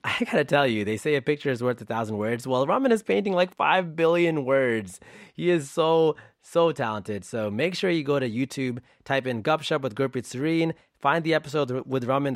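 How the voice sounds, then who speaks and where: A man giving a casual podcast introduction as host, upbeat and playful, his voice jumping up and then dropping quiet. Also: medium pitch, lively intonation, moderate pace, no echo, clean studio sound. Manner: upbeat and playful, with swings in loudness.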